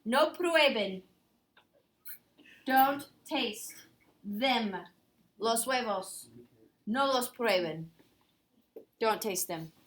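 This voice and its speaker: Woman teacher, slightly high voice, quizzing students in an echoey classroom. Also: expressive, drawn-out words, long pauses, fairly bright tone. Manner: quizzing students, repeating answers back. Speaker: Spanish teacher. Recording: echoey classroom with faint noise.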